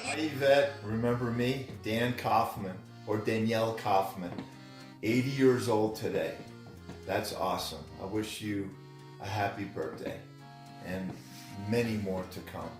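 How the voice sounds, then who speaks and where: A man's voice: fairly low pitch, steady tone, a little slow. A man leaving a playful birthday video message for an old family friend, chatty and teasing. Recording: roomy recording from a distance with music.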